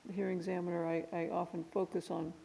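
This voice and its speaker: Gravelly, flat-voiced woman hearing examiner. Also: on the low side. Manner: halting, muffled by a cough drop. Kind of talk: formal public hearing. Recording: long reverb in a hearing room.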